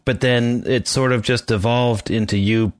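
A man's voice: medium pitch, fairly even intonation, moderate pace, dry recording. A man on a casual podcast, teasing his co-host with dry humor while asking questions.

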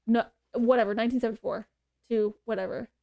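Chatty young woman, high dry voice. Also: fast talker, vocal fry, no room sound. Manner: chatty, excitable, many fillers like "um" and "like". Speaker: podcast co-host. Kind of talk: casual chat about books.

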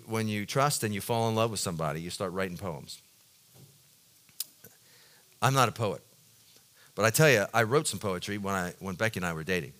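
A man in his thirties, a pastor preaching a sermon in a church, rambling with many restarts and rising loud and high when stirred. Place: church sanctuary.

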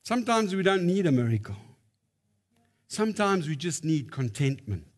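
A man's voice: on the high side, very animated, normal speed. A man preaching a sermon, telling stories with emphatic rises. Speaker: pastor.

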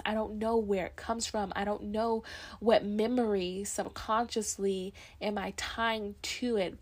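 A woman's voice: medium pitch, a little mellow. A young woman rambles through her own podcast in a loose, reflective flow, circling back on her thoughts and leaning on fillers. Her voice sits in a middle range for a woman. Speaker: podcast host. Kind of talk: casual solo podcast chat.

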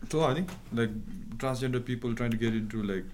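A man in casual chat, speaking haltingly and mixing in words of another language. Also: mid-range voice, darkish tone, slight background noise.

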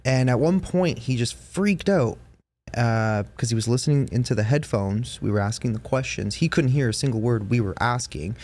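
A man's voice: medium pitch, moderate pace, darkish tone. Rambling man telling a ghost story. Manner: rambling, lots of fillers and restarts. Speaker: podcast host. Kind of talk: casual storytelling chat.

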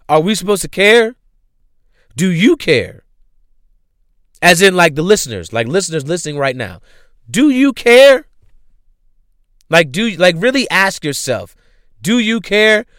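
A man's voice: sits high, sharp tone, no echo. A man hosting a podcast, ranting bluntly and profanely about music with repeated rhetorical questions. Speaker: podcast host.

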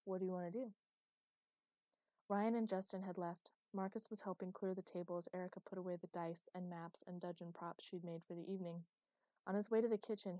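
Woman reading an audiobook in a mellow voice. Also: fairly low pitch, no echo. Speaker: narrator. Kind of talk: scripted audiobook narration.

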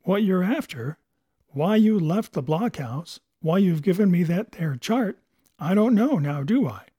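A man voicing a rough-spoken, wheedling sea cook with sailor's grammar in a storybook reading. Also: high-pitched, animated, measured pace, dark tone, dry recording, clean studio sound, voice pushed up, exaggerated voice.

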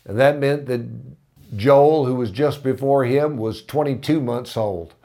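A man's voice: mid-range voice, unhurried, dark tone. A man preaching a sermon, telling a story with earnest feeling and rising to impassioned emphasis. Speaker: pastor.

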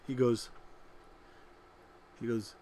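A man in his thirties co-hosting a podcast, telling animated family stories in casual chat and laughing loudly at them. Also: mid-range voice, very slow, a little hiss or hum. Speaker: podcast co-host.

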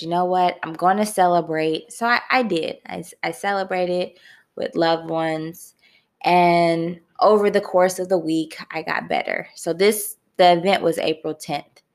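Candid, expressive woman podcast host, slow-paced. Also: on the low side. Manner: candid and expressive, swings into loud laughing outbursts; addresses listeners as y'all. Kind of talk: personal podcast storytelling.

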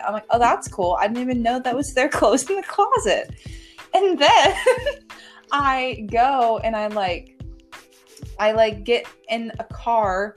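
A woman's voice: a little high, moderate pace. Young woman, casual podcast chat, rambling storyteller, faint music behind. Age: young adult. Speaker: podcast co-host.

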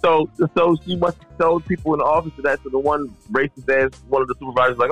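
A man's voice: fairly high pitch, level tone, quick pace, hardly any pauses, fairly bright tone, faint music behind. A man telling stories in a casual podcast chat, mimicking the people he quotes. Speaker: podcast guest.

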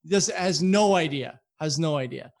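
A man spins a long, rambling anecdote for his friends on a casual podcast, swearing often and piling up asides. His voice sits a little on the high side for a man. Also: normal speed, gravelly, crowd noise. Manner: rambling, profane, animated retelling. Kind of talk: casual storytelling among friends.

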